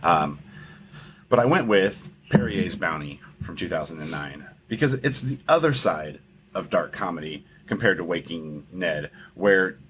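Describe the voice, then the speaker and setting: Deep-voiced man rambling about films. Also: animated, unhurried, fairly bright tone, slight background noise, rough recording. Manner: rambling, repeats words, swears casually. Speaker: podcast co-host. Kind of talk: casual film discussion.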